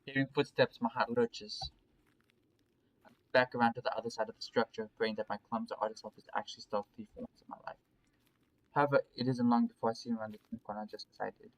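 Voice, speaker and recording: Man reading narration fast and hushed. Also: medium pitch, fairly even intonation, poor audio. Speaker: let's play reader. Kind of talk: reading a visual novel aloud.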